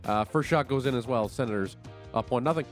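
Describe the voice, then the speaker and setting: Man, sports radio host, casual recap, lots of uh, mid pitch, faint music. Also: brisk. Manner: conversational, filler-heavy, recapping plays.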